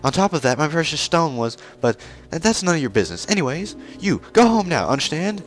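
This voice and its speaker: Bratty, commanding fish-girl princess, a man pitching his voice up, raised and lively. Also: a little fast, faint music behind. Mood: haughty. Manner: bossy, commanding. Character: haughty bossy young fish-princess girl. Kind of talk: gameplay commentary with voiced dialogue.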